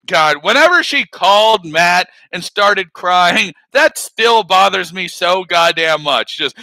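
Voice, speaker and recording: High, bright-voiced swearing streamer man. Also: expressive, a little slow, hardly any pauses, no room sound, rough recording. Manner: profane, laughs often, rambling. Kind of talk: casual live-stream commentary.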